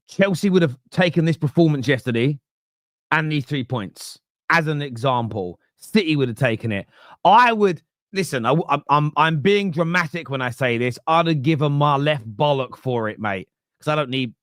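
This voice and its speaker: A man's voice: mid-range voice, no room sound, clean studio sound. A man hosting a football fan podcast, chatting casually and sarcastically while reading out viewer comments. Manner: sarcastic, joking, rambling.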